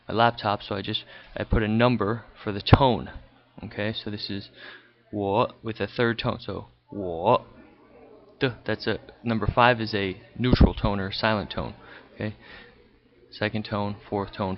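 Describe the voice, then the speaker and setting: Guy teacher going over vocab slides, lowish voice, kinda muffled lo-fi recording. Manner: patient, explanatory, frequent "okay". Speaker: high school Chinese teacher. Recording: dull lo-fi recording.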